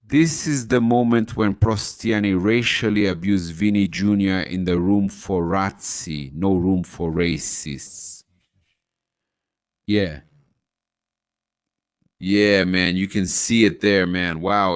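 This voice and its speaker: Brazilian-born football host, deep, indignant repetitive ranting, dry close sound. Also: male voice, takes it slowly, clean tone, no room sound. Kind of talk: ranting fan commentary.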